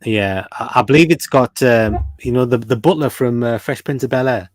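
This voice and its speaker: A man's voice: mid-range voice, moderate pace, no echo. A man hosting a casual live chat, easygoing and laughing along as he runs through a list. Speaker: host.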